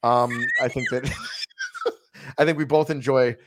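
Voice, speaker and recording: A man's voice: mid-range voice, fairly even intonation, brisk, slight background noise. A man co-hosting a podcast in casual chat, joking and telling comic stories with many fillers. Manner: joking, tells comic stories with put-on quotes. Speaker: podcast co-host.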